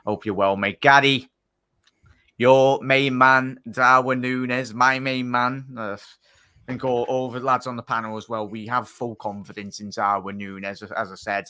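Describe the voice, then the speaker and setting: A man's voice: medium pitch, flat delivery, moderate pace, bright, forceful tone, smooth, no echo. A man hosting a fan live stream, thanking viewers and reading their comments. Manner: friendly, thanks viewers by name. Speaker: host.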